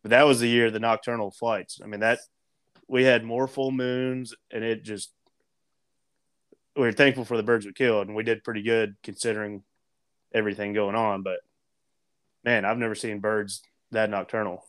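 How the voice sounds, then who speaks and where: A man's voice: lowish voice, flat delivery, normal speed, pauses often, fairly bright tone, clean tone. A man hosting a casual podcast chat, easygoing and asking his guest questions.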